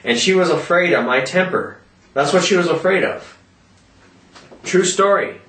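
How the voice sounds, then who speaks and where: A man ranting loudly in a vlog, cursing constantly and yelling as he talks, in a roomy echo from a distant mic. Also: high voice, lively intonation, normal speed. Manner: profane, loud, yelling rant. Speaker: vlogger.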